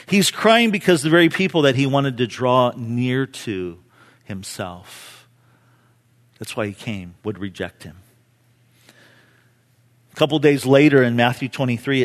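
A man preaching a sermon with personal stories, impassioned, swinging from hushed to loud and pleading. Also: medium pitch. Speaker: pastor.

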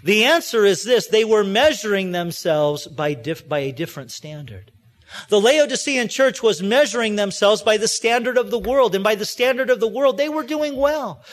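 A man's voice: high-pitched, animated, normal speed. A man preaching a sermon in a conversational, storytelling way, with plenty of restarts as he works through his points. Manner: storytelling preacher, acts out quoted voices. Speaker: pastor.

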